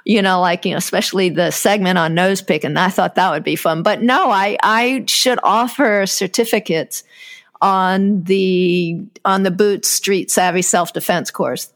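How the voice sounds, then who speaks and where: A woman's voice: mid-range voice, unhurried. Woman host chatting, rambles a bit, lots of "you know", friendly. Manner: chatty, warm reassuring interjections, rambling restarts. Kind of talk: casual chat.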